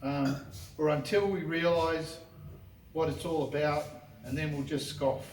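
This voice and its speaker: A man's voice: fairly high pitch, fairly even intonation, measured pace. A man reading his own rhyming poems at an open mic, wry and joking about his lines. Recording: echoey room, mic far off, faint noise.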